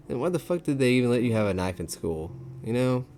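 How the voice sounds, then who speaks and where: A man's voice: medium pitch, a little mellow, slight background noise. A man commentating a game he plays, reacting with exasperated swearing. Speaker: gamer. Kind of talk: let's play commentary.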